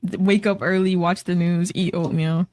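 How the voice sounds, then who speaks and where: A woman's voice: on the low side, steady tone, moderate pace, mellow, no room sound, studio quality. A teenage girl student guest chatting casually, answering in short, somewhat hesitant bits. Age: teens. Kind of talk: casual chat.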